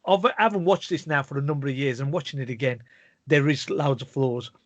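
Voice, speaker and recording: A man, a podcast co-host telling a story in a rambling way with many halting restarts. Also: mid-range voice, dry recording, highs cut off. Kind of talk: casual chat.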